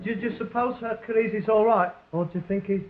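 A man's voice: high voice, fairly quick, natural voice. An actor playing a frustrated, self-pitying young rag-and-bone man, sardonic and theatrical. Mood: morbid sarcastic. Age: young adult. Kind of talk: 1960s television sitcom acting. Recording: dull lo-fi 1960s TV sound.

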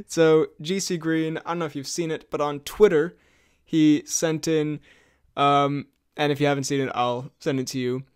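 A man's voice: fairly high pitch, fairly even intonation, moderate pace, clean tone. A man hosting a podcast in casual chat, talking loosely and laughing often between remarks. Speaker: podcast host.

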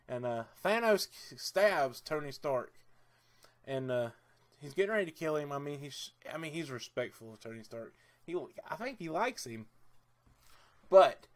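A man giving a casual movie review vlog, enthusiastic and rambling, with lots of "uh"s and "I mean"s. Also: on the high side. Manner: excitable and laughs easily.

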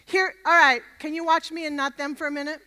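A woman with a high, bright, forceful voice preaches an interactive camp meeting sermon. She energetically drills the crowd through chants, and her voice rings with the long reverb of a large hall. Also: fairly even intonation, fairly quick. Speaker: guest preacher.

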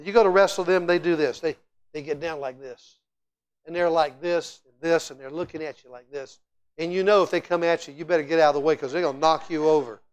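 A middle-aged man preaching a sermon in a church as guest speaker, telling stories with lively, animated delivery and frequent restarts. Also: fairly high pitch, a little fast, smooth. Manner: animated, storytelling, repeats words and restarts often. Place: church sanctuary.

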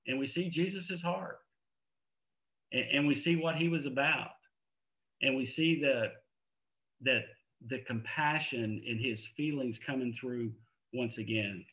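A man's voice: mid-range voice, a little slow, pauses often, a bit bright. A middle-aged man preaching a sermon in a conversational, earnest way, often repeating phrases for emphasis. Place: church sanctuary. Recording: dull lo-fi church recording.

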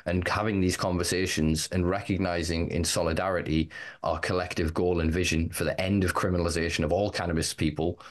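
A man, a podcast guest, speaking fervently and rallying listeners, swearing freely. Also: low voice. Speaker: guest, cannabis rights campaigner. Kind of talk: passionate podcast talk.

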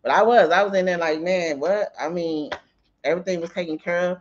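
A man's voice: high voice, quick pace. A man giving a casual tarot reading, chatty and profane, laughing often and breaking into anecdotes. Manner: tells anecdotes mid-reading. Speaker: tarot reader. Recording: dull lo-fi audio.

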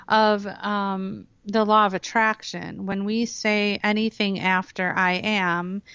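A woman guest on a talk radio show explaining hypnosis in a lively way, acting out the voices she quotes. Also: mid-range voice, takes it slowly, clean tone, dry recording. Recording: dull lo-fi radio audio.

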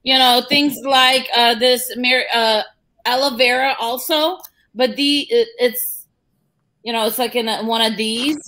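A woman's voice: fairly high pitch, fairly even intonation, unhurried, bright, forceful tone. A woman guest with an accent, chatting on a video call in a hesitant, giggly way. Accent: non-native English. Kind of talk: live-stream chat.

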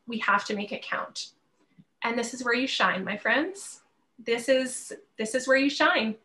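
A woman's voice: fairly high pitch, bright, forceful tone, low-quality recording. Emotional woman giving an inspiring talk. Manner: earnest, emotional, repeats phrases for emphasis. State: near tears at times. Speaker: masterclass speaker. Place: event venue before an audience.

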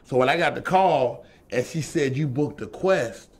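A man's voice: mid-range voice, expressive, normal speed, husky. Middle-aged host dude, casual chat, tells stories and does the voices of people he quotes. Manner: storytelling, acts out quoted voices. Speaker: talk show host.

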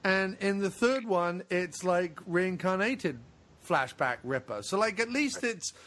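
A man hosting a casual podcast chat, excitable and quick to mock. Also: high voice. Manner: excitable, breaks into mocking put-on voices. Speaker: podcast host.

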